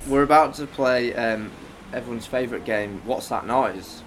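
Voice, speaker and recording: A man's voice: mid-range voice, normal speed, a little hiss or hum. A young man co-hosting a podcast, telling stories playfully and laughing often. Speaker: podcast co-host. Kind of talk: casual chat.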